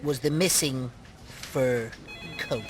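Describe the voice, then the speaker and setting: An actor voicing a foul-mouthed, grumpy Irish puppet farmer who tells a tale with scorn and insults, in an Irish accent. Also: male voice, mid-range voice, slow, close to an everyday voice. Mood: storytelling. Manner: scornful, barking insults, relishing a spooky tale. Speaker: puppet co-host.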